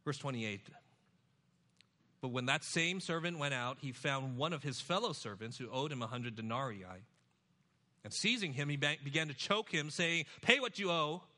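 A man preaching an expository sermon, moving between loud emphasis and hushed, low asides. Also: animated, moderate pace.

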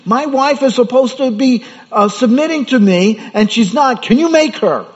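A man's voice: extremely high pitch, expressive, moderate pace, dull audio, voice pushed up. A man voicing a whiny, pleading husband who demands his wife's submission. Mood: whining.

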